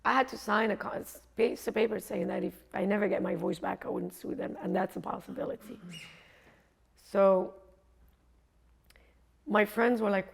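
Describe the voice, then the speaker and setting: Gravelly-voiced woman telling her story. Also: medium pitch, fairly even intonation, normal speed, pauses often. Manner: casual, conversational, acts out dialogue. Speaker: coach and speaker. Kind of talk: storytelling motivational talk.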